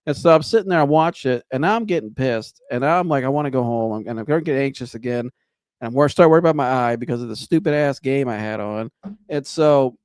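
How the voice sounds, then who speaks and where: A man's voice: medium pitch, a little mellow, clear, resonant tone, dry recording, studio quality. A man hosting a podcast, telling a long rambling anecdote in a casual way, with restarts and laughter. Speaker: podcast host. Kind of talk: casual storytelling.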